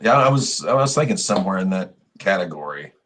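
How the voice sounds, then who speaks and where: Lowish man, halting casual chat. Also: big pitch swings, a bit bright, slight background noise. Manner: halting, repeats words as he starts. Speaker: wrestling podcast co-host.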